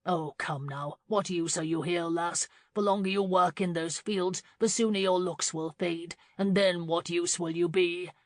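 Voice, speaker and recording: A man's voice: high-pitched, fairly even intonation, measured pace, few pauses, no echo, clean studio sound. A woman voicing a corpulent, greedy uncle who bellows and blusters in an audiobook scene. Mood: gruff. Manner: loud, bellowing and defensive. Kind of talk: audiobook character reading.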